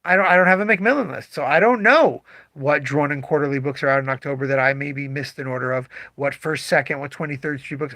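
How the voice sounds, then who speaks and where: A comic shop owner chats casually on a livestream, animatedly imitating his customers' voices. He speaks with a fairly high male voice, and the audio has no echo.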